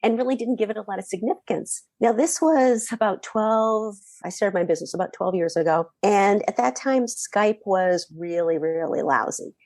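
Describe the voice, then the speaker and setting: A middle-aged woman from the Boston area, a mindset coach telling stories as a guest in a chatty, animated way. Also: mid-range voice, moderate pace, hardly any pauses, no room sound. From Boston area, USA. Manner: animated, chatty, frequent fillers. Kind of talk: conversational storytelling.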